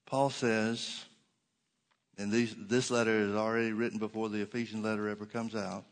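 A middle-aged man preaching a sermon as pastor, emphatic and sometimes sarcastic, slowing down to stress repeated words. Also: fairly low pitch, flat delivery.

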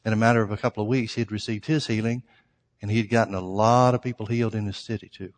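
A man's voice: on the low side, fairly even intonation, fast. A man preaching a sermon, telling a story earnestly and addressing his listeners as folks. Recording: long hall reverb.

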